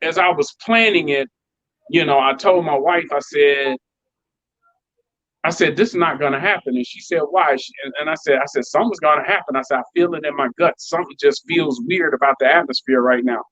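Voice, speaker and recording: A man from Chicago tells stories in a relaxed interview and slips into the voices of the people he quotes. His voice sits a little high, and the sound is dry and somewhat dull, as if recorded on a modest mic. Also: brisk, no echo. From Chicago, United States. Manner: animated, acts out quoted voices. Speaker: DJ and producer, interview guest. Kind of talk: casual storytelling interview.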